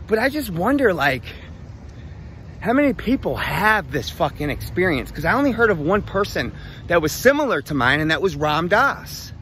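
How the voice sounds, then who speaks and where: A man with a notably high voice tells a long personal story in a rambling, profane, animated way. Faint street and car noise hums behind him. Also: normal speed. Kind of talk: casual storytelling.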